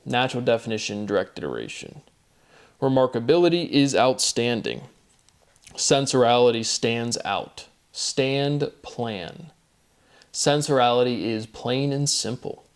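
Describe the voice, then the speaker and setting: A man giving a solo monologue of word derivations, methodical and repetitive, his voice dropping quietly at the end of each set phrase. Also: medium pitch, animated, a little slow, smooth. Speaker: host. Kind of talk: solo recorded commentary.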